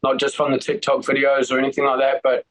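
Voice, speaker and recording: A man's voice: medium pitch, completely flat delivery, quick pace, fairly bright tone, low-quality recording. A man chatting in a friendly way over a video call. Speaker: interviewee. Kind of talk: casual chat.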